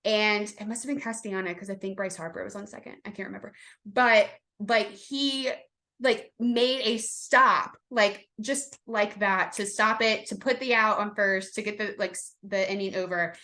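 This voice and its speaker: A woman co-hosting a casual sports chat podcast, rambling and excitable, with lots of fillers and restarts. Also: mid-range voice, normal speed. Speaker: podcast co-host.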